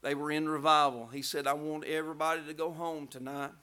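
A man preaching a revival sermon, telling stories and building to loud climaxes. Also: on the high side, level tone, fairly quick, clear, resonant tone.

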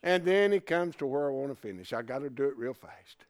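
An older man preaching a sermon in a folksy way, swinging from hushed asides to loud shouts. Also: medium pitch, lively intonation, fast talker, dry recording.

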